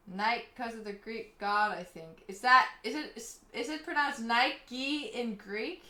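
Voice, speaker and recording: Woman, streamer, giggly casual chat, slow, echoey room. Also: fairly high pitch, pushed and bright. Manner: giggly, chatty, reads chat aloud.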